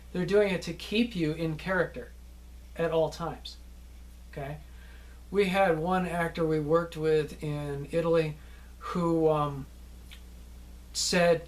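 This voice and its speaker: A man's voice: fairly high pitch, moderate pace. A middle-aged man teaching acting students in a casual, rambling lecture, often ending lines with "okay?".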